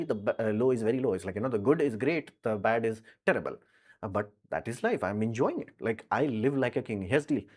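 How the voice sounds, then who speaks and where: A man's voice: medium pitch, darkish tone. A man hosting a casual live stream, answering viewer questions in a frank, rambling way full of fillers.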